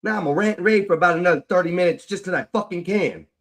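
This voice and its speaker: A man's voice: high voice, fast, a bit bright. A man ranting angrily on a livestream, swearing heavily and repeating himself. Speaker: livestream host. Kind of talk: angry livestream rant.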